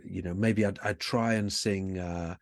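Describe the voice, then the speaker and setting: Chatty low-voiced British man. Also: no room sound. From Britain. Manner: chatty, animated storyteller with quick bursts of pitch. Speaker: guest singer. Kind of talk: casual interview chat.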